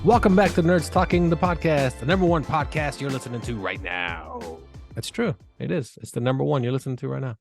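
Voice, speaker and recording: A man's voice: medium pitch, expressive, a little fast, gravelly, soft background music. A man hosting a comedy podcast, brash and teasing, cracking crude jokes in loose banter. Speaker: podcast host.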